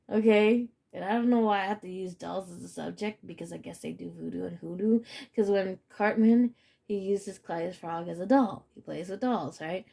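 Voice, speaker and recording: A woman's voice: medium pitch, moderate pace, creaky, warm tone. A woman giving a casual spiritual reading to her viewers. She talks emphatically and swears freely, and she keeps repeating "okay?".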